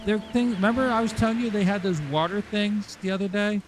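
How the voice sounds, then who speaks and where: A man's voice: high voice, fairly even intonation, fairly quick, background noise. A man casually chatting and exclaiming while he plays on a live stream. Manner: rambling, exclaiming, chuckling. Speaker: gaming streamer. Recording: game music playing underneath. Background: game music.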